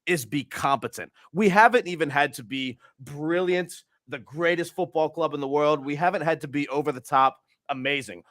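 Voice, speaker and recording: A man's voice: mid-range voice, fairly bright tone, dry recording, clean studio sound. A man co-hosting a fan football show, talking in an emphatic, opinionated way. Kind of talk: casual football chat.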